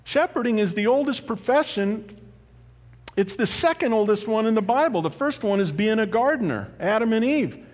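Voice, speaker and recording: A man preaching a sermon as pastor, animated and conversational, with asides and light laughter. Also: high-pitched, moderate pace. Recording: long hall reverb.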